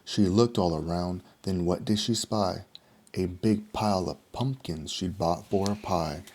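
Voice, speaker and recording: A man reading a rhyming picture book aloud in a steady, rhythmic storytelling manner. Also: sits low, measured pace, a little hiss or hum. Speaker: storybook reader.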